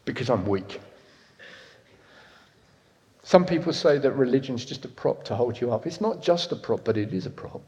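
A man in his fifties preaching a sermon, swinging from loud emphatic lines to soft, intimate ones. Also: mid-range voice, animated, normal speed, long pauses. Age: 50s. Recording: echoey hall reverb.

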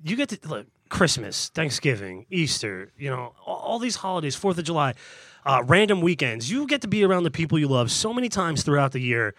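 A man's voice: a little high, big pitch swings, brisk, a bit bright, no echo. A man arguing bluntly and with swearing in a casual podcast debate. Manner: blunt and profane, pushes his point hard. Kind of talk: casual argumentative banter.

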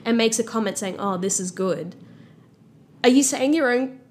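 A woman's voice: fairly high pitch, normal speed, darkish tone, slight background noise. Sarcastic woman ranting about a movie. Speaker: podcast co-host. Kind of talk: casual movie review chat.

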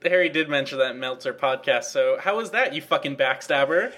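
A man's voice: mid-range voice, a little fast, pushed and bright, slight background noise. A man producing and editing a podcast, joining the casual chat with dry, sardonic remarks.

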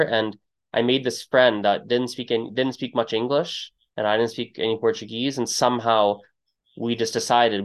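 A man hosting a casual podcast interview at an ordinary middle pitch. He tells stories in a loose, meandering way and acts out quoted lines with big leaps in pitch. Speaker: podcast host.

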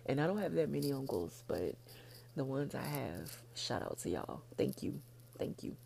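A woman's voice: very deep voice, sing-song, normal speed, creaky, darkish tone, a little hiss or hum. A woman hosting her own podcast in a casual, frank solo chat, laughing often and getting emotional. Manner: heartfelt, gets emotional. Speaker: podcast host.

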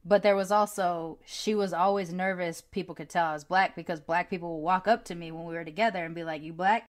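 Candid, animated woman telling stories. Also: on the low side, quick pace. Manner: candid, animated storytelling with frequent laughter and swearing. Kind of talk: casual chat.

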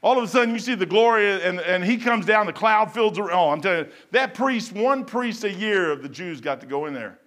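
A man preaching a sermon in a folksy, rambling way, swinging between loud bursts and quiet asides. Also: high voice, animated, brisk, few pauses. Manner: folksy and rambling, with stumbles and chuckles.

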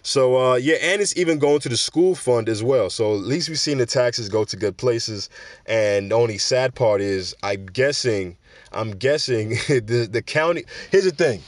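A male podcast host talking casually and with a lot of emphasis, full of slang and quick restarts. His voice sits in an ordinary middle register, recorded close and completely dry with no room sound. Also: medium pitch, lively intonation, dry recording. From New York.

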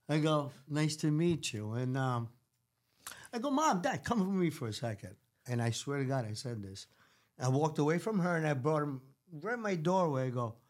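Brash New York Italian man, higher voice, guest telling lively stories. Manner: animated, acts out quotes, swears freely. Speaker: celebrity hair stylist guest. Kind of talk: casual storytelling chat.

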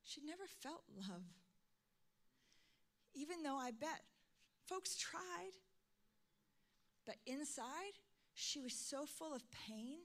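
A middle-aged woman minister delivers a sermon in a high, bright voice. She is emphatic, dropping to soft, close lines and then rising to loud calls. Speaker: pastor.

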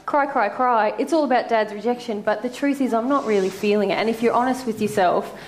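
A woman discussing ideas in conversation, lively and acting out what people say to themselves. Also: on the high side, brisk, a little hiss or hum. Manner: animated, acts out inner voices. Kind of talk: conversational teaching.

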